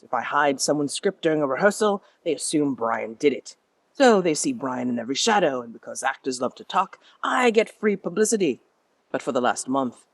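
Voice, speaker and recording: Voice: mid-range voice, slightly rough, dry recording. A game master putting on a sneering posh theater owner. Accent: affected posh British. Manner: haughty, confessing reluctantly.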